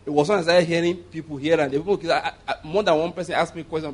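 High-voiced pastor, chuckling asides. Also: male voice, steady tone, fast talker. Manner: chuckles often, rambling asides. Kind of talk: conversational sermon.

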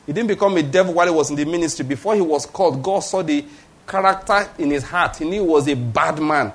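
A man's voice: fairly high pitch, quick pace. A Nigerian man in his fifties preaching a sermon, emphatic, repeating key phrases and checking in with the congregation. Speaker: pastor.

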